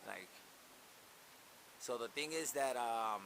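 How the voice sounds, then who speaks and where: A man in his thirties venting in a casual vlog, profane and getting louder as he rants about his family. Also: mid-range voice, slow, rough recording. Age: 30s. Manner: profane, venting, gets loud when worked up. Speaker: channel host. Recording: hissy background.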